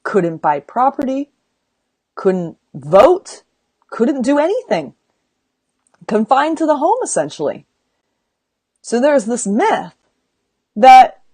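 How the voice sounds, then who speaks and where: A woman who hosts a podcast and leads a women's circle speaks earnestly and emphatically in a motivational tone, unhurried and building to rallying calls, often asking "right?" to drive points home. Her voice sits high, mellow and slightly rough, with no room sound.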